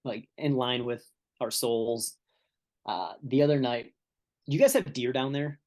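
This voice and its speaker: Easygoing guy guest on a podcast, just chatting, telling a story at an even middle pitch. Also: measured pace. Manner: laid-back storyteller. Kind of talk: casual chat.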